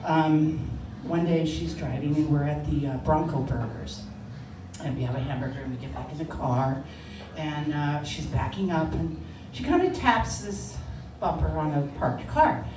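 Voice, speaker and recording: An older woman telling a personal story, animated and laughing, acting out the voices of others. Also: sits low, moderate pace. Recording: echoey room, distant mic, noisy.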